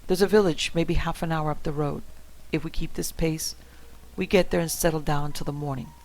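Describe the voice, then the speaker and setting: A man's voice: a little high, steady tone, brisk, slight background noise, natural voice, low-quality recording. A man voicing the narrator's wife, a stern woman who speaks curtly and firmly. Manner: curt and firm.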